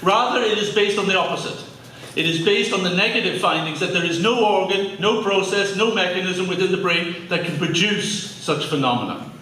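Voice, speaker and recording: An Irish man with a fairly high voice delivers a lecture to a live audience, chatty and joking with the crowd. He is heard from a distance in a very echoey hall, with faint room noise behind him. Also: brisk, pushed and bright. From Ireland. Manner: conversational, jokey asides with audience. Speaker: speaker giving a public talk.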